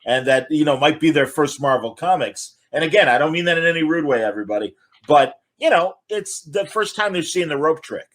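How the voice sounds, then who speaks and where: A man with a slightly high voice hosts a podcast in a casual tone. He hedges what he says and often chips in with short words of agreement. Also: animated, a little fast, fairly bright tone. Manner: backchannels and hedges his points. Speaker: podcast host. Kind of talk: casual chat.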